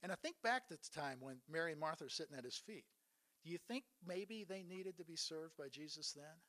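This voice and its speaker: Earnest male preacher with a slightly higher voice, retelling scripture and posing questions to the congregation. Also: animated, brisk, sharp tone. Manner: earnest, asks rhetorical questions. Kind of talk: sermon retelling Bible stories.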